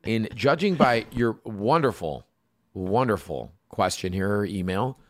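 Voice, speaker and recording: A man's voice: on the low side, unhurried. A man co-hosting a podcast, reading listener stories aloud with playful, joking asides. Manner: playful, joking, lively delivery. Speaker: podcast co-host. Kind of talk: casual comedic chat, reading listener stories.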